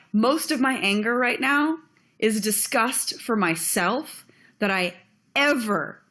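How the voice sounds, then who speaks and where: A woman's voice: medium pitch, a bit bright. Blunt, heated young woman ranting. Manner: blunt, heated, swears freely. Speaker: vlogger. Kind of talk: ranting video commentary.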